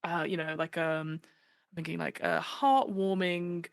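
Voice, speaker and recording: A female podcast guest chats casually and animatedly, using lots of fillers and acting out the voices of people she quotes. Her fairly low voice moves at an unhurried pace with vocal fry, and there's no echo.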